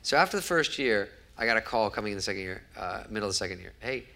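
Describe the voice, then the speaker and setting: A man's voice: fairly low pitch, lively intonation, quick pace, creaky, bright, forceful tone. A man telling a show-business anecdote before a live audience and acting out every quoted line of dialogue. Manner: storytelling that acts out each quoted exchange. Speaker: guest comedian. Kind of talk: onstage interview storytelling.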